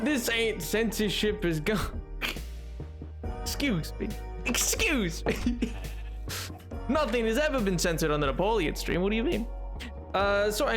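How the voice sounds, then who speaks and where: A streamer hosting a casual livestream, tossing out sing-song hellos and reading viewers' messages aloud. The pitch leaps all over, highly animated. Faint music plays quietly behind the voice. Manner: playful, sing-song greetings, reads chat aloud; frequent laughs and mock exclamations. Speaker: livestream host. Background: faint music playlist.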